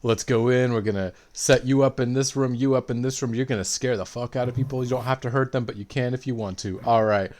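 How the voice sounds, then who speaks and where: A bossy supervillain crew leader, as a man puts him on, barking brisk, casual orders. The voice stays mid-pitched and a touch louder than ordinary talk, recounted in a tabletop game recap. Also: steady tone, close to an everyday voice. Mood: commanding.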